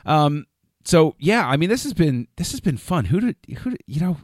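A man's voice: on the high side, very animated, normal speed, no echo, studio quality. A man on a podcast chatting casually, enthusiastic and chuckling often, trailing off and restarting his thoughts. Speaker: podcast co-host.

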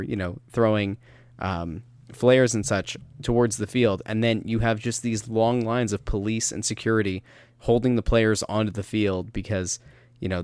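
A man in his thirties co-hosting a casual soccer podcast, telling animated stories with lots of restarts. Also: fairly low pitch, smooth, no echo. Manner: animated storyteller, rambling with restarts. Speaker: podcast co-host.

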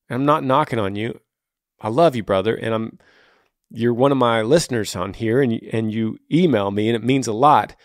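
A man with a tired voice talks as a podcast host, giving earnest, brotherly advice. His pitch sits in an ordinary middle range. The recording is dry and close, with no room sound. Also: dry recording. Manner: earnest, brotherly, pushing the listener. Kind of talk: casual advice chat.

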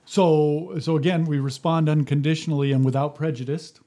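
Higher-voiced man telling work stories. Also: steady tone, fairly quick, warm tone. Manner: storytelling, acts out quotes, frequent restarts. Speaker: former fire captain. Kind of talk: casual podcast conversation.

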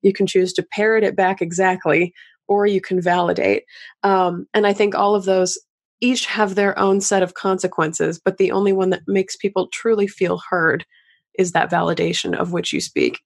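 A woman hosting a podcast, asking thoughtful questions in a relaxed conversational interview. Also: lowish voice, moderate pace. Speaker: podcast host.

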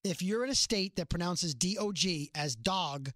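A woman's voice: fairly low pitch, moderate pace, dry recording, clean studio sound. A middle-aged woman co-hosting a podcast, chatting casually and telling stories with emphatic energy. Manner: animated, emphatic storyteller. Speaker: podcast co-host. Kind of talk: casual chat.

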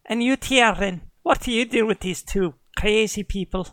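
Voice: medium pitch, moderate pace, a bit bright, no room sound, studio quality, natural voice. A game master voicing a blunt, impatient woman huntress with a put-on Scottish brogue that drifts into Irish. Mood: gruff. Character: brusque woman huntress, leader of a hunting band.

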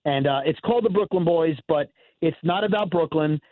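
A man with a New York accent, a podcast co-host guesting on a radio show, talking in an animated, rambling, self-deprecating way. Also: fairly high pitch, brisk, no echo. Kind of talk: casual radio chat. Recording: tinny phone line.

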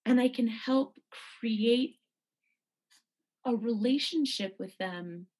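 Husky-voiced woman physician, earnest. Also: fairly high pitch, takes it slowly, a little mellow. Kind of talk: conversational podcast talk.

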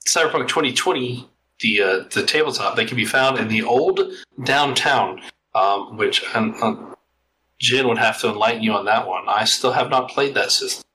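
Bright-voiced laughing man podcast co-host. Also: mid-range voice, normal speed, a little hiss or hum, rough recording. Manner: laughing, relaxed banter. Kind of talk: casual podcast chat.

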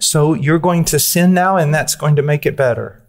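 A man's voice: on the high side, normal speed. A man preaching a sermon, earnest and direct, pressing his listeners with questions and using blunt, dry humor.

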